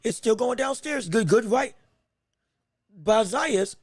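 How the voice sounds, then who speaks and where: A very high-pitched man calling a boxing match live from his podcast setup, close on a dry microphone. He reacts quickly and excitably to each exchange and restarts his phrases as the action moves. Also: slightly rough, no echo. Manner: excitable, quick reactions, frequent self-corrections. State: hiccups. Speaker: podcast host and fight commentator.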